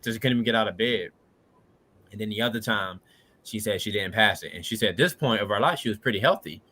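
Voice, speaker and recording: A man's voice: fairly low pitch, fast talker, pushed and bright. A man in his late twenties from Washington DC, a podcast guest telling his life story in a casual, earnest way, often adding "you know what I'm saying". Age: late 20s.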